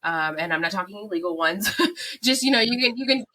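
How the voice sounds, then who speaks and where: A woman's voice: medium pitch, lively intonation, a little fast, sharp tone, low-quality recording. A woman from Kentucky with a Kentucky accent, co-hosting a podcast in chatty, laughing Southern talk. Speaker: podcast co-host. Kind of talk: casual chat.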